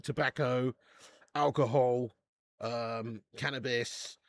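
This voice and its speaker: A man's voice: medium pitch, steady tone, takes it slowly. A man hosting a live football watch-along, swearing freely and laughing as he reads out viewer messages.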